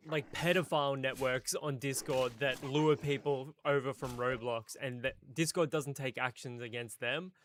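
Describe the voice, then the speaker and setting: A man hosting a casual voice-call chat, giving measured opinions with some hesitant restarts. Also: mid-range voice, a bit bright, no echo. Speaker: streamer host.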